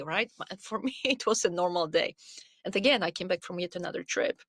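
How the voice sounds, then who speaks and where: Middle-aged woman, podcast guest, earnest and animated storyteller, close dry sound. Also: fairly low pitch, a little fast, no echo. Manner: earnest, animated storytelling with frequent "you know". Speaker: podcast guest, wellness coach. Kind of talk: conversational interview storytelling.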